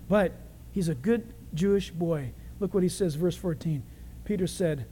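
A man's voice: high voice, big pitch swings, normal speed, dark tone, slight background noise. Brief: humorous male preacher, conversational sermon, big hall echo.

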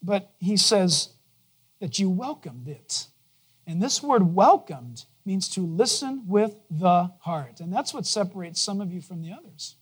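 A man preaching a sermon to his congregation in a conversational way, asking them questions and dropping to a soft, low voice for gentle moments. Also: very animated, measured pace, husky. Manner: drops to a soft, low voice to quote God gently. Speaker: pastor. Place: church.

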